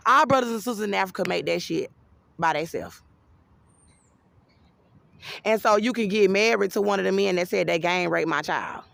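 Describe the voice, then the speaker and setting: A woman's voice: medium pitch, normal speed, creaky, long pauses, fairly bright tone, no echo. A woman giving an agitated, rambling personal monologue to camera, swearing freely. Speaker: vlogger.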